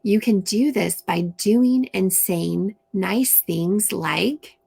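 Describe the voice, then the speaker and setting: A woman reading aloud and explaining to young children in a slow, gentle teaching manner. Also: mid-range voice, vocal fry, slightly rough. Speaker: storytime reader and teacher.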